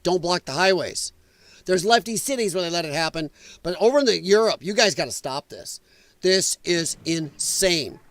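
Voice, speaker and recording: A man's voice: high-pitched, lively intonation, moderate pace, a bit bright, no echo. A man hosting a political podcast, giving blunt, indignant commentary and swearing freely. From United States. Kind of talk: opinionated livestream commentary.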